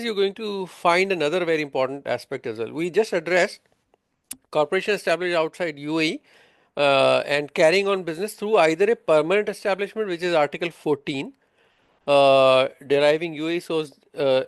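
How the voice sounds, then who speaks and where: A man's voice: a little high, brisk, clean tone, no echo, studio quality. A man teaching a tax course, explaining patiently, quizzing his students, with many filler sounds. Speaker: tax instructor. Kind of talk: interactive online lesson.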